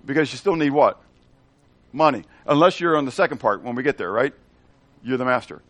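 A man's voice: medium pitch, expressive, fairly quick, dry recording. A man giving a Bible teaching in a conversational way, checking in with the audience and asking them questions. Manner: asks the audience questions and repeats phrases.

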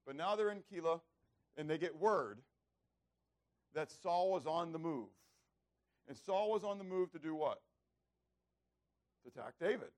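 A man preaching a bible lesson, asking rhetorical questions and acting out characters. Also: on the high side. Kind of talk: bible teaching sermon.

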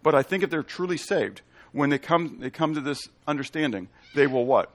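A man teaching a Bible study as pastor, emphatic, asking the room questions and answering them himself, stretching out scripture quotes slowly and loudly. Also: on the high side, lively intonation. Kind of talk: sermon with Bible reading.

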